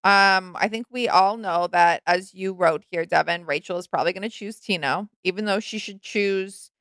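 A woman's voice: mid-range voice, normal speed, fairly bright tone, no echo. A young woman co-hosting a podcast, gossiping animatedly and acting out quotes in casual chat. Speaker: podcast co-host.

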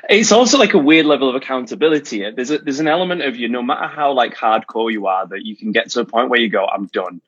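A man from the UK telling animated stories as a podcast guest, with quick restarts. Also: mid-range voice, slightly rough, no echo, muffled recording. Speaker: guest, charity founder. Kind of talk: casual podcast chat.

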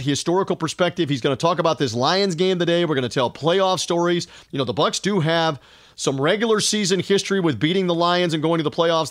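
An upbeat man with a fairly high voice hosts a sports podcast, talking in long run-on stretches full of fillers. The sound is dry and close, with no room echo. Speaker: podcast host.

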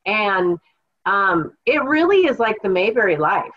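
On a lo-fi recording, a woman with a medium-pitched, very animated voice speaks a little slowly. She's an author from the Kittitas Valley in Washington State, appearing as a guest on a conversational podcast and telling her story in an earnest, reflective way.

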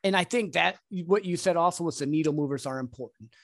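A man's voice: fairly high pitch, fast talker, creaky, dry recording, clean studio sound. A man hosting a podcast, talking in a chatty, agreeable way and reflecting back what his guest said. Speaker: podcast host. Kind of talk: casual podcast conversation.

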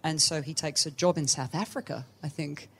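A woman guest on a live podcast, telling a film story with lively energy and acting out clipped, old-fashioned dialogue. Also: low voice, a little fast, slight background noise. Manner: animated storytelling, acts out film lines in clipped old British voices. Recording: live stage mic.

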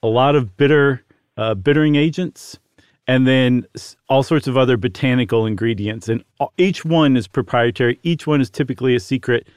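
A man's voice: medium pitch, a little fast, smooth, no echo, clean studio sound. A man co-hosting a podcast, explaining at length in a friendly, casual way with fillers. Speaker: podcast co-host.

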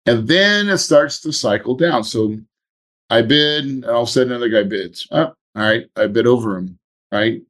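Animated man telling a story. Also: mid-range voice, normal speed. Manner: animated, acts out his own inner voice. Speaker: podcast host. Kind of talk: casual storytelling.

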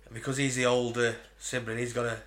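A man's voice: mid-range voice, little pitch movement, quick pace, a bit bright. A man co-hosting a podcast, chatting casually with short agreeing replies and musing questions. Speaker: podcast co-host. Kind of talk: casual chat.

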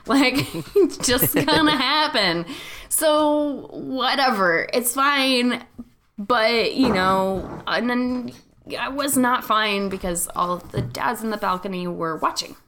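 A woman in her thirties, a podcast host, telling a long story in a chatty, animated way, full of "like" fillers. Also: on the high side, takes it slowly, a little hiss or hum. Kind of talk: casual storytelling chat.

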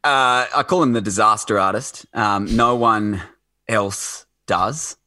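A man's voice: lowish voice, takes it slowly, bright, forceful tone, no room sound. A man chatting casually as a podcast guest, rambling with lots of fillers and restarts.

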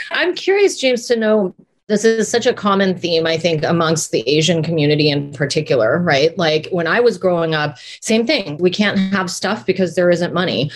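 A middle-aged woman co-hosting a casual chat, telling stories in a lively, animated way with frequent laughs. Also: deep voice, normal speed. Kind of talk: casual conversation.

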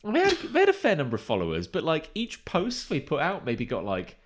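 A man chatting on a podcast in a room with friends, his voice rising and falling a lot as he tells stories. He gets excited and breaks into loud laughter easily. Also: a little high, a little fast, background noise. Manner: animated storyteller, laughs loudly. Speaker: podcast co-host. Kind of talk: casual chat. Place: recording room.

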